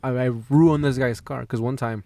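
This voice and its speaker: A man's voice: medium pitch, steady tone, moderate pace, gravelly, mellow, slight background noise. A young man telling a casual, rambling story as a podcast guest, swearing freely, laughing, and leaning on "dude" and "like".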